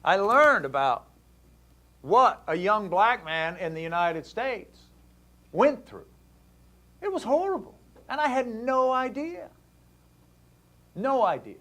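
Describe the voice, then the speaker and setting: A man hosting a talk show, telling a story to a caller in a casual, animated way and acting out the dialogue. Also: sits high, takes it slowly, long pauses.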